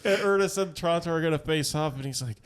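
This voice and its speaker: A man co-hosting a podcast, retelling film scenes in a lively, casual chat. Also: a little high, fast talker, smooth. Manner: animated retelling of movie scenes. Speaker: podcast co-host.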